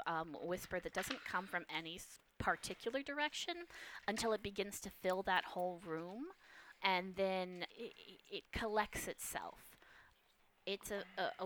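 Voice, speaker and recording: A woman narrating a tabletop game as game master, relaxed and hesitant with many fillers. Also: mid-range voice, a little hiss or hum.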